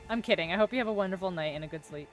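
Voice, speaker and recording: A woman's voice: lowish voice, fast talker, soft background music. Playful woman streaming a game. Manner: playful, jokey, chatty. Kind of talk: casual gaming chat.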